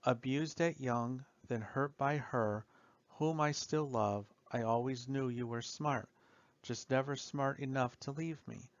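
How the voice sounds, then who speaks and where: A man reads grim verse at an unhurried pace, measured and somber, letting line ends fade softly. His voice sits at an ordinary pitch. The recording is dull and dry, with no room sound. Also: no echo. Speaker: audiobook narrator. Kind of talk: slow reading of dark poetry.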